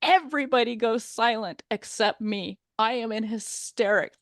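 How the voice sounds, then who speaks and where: Brief: high, bright woman, lively laughing storyteller, dry close sound on a call. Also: measured pace, hardly any pauses, dry recording. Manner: animated storyteller, laughs often. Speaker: guest, courage coach. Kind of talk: telling a funny story on a video call. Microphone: video call.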